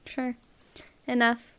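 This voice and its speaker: A woman's voice: fairly high pitch, a bit bright, clean tone. A young woman streaming a game, reading its text aloud and breaking off to react with squeals and laughter. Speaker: gameplay streamer.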